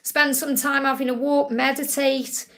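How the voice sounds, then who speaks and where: A woman's voice: sits high, little pitch movement, a little slow, a bit bright. A woman with a Stoke-on-Trent accent giving a live-stream card reading, soothing and reassuring, calling her viewers honey. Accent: Stoke-on-Trent English. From England. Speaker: psychic reader.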